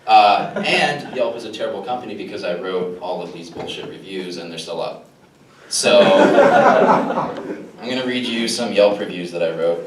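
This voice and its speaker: A man's voice: fairly low pitch, animated, moderate pace. A young man performing a self-deprecating stand-up comedy set to a live crowd, often chuckling at his own jokes. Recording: roomy live recording from a distant mic with room noise.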